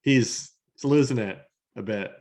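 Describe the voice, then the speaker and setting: A man's voice: medium pitch, measured pace, a little mellow. A man co-hosting a podcast in casual chat, joking and laughing as he talks through the episode. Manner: jokey, laughs through remarks. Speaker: podcast co-host.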